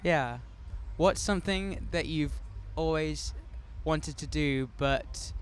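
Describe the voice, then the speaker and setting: A man musician answering shyly and softly in a casual festival interview. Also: on the high side, slow, clear, resonant tone.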